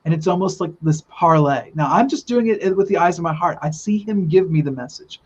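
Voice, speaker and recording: A man's voice: fairly high pitch, expressive, fairly quick, a little mellow. Earnest man telling a vision story, muffled. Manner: earnest, rambling, many restarts. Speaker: guest telling a spiritual vision. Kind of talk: casual storytelling in a podcast chat. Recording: dull lo-fi sound.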